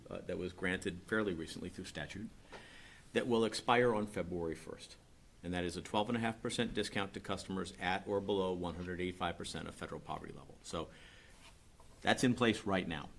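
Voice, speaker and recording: Deep-voiced man briskly explaining a rate plan. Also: a bit bright. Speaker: utility staff presenting a rate request. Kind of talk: public meeting presentation.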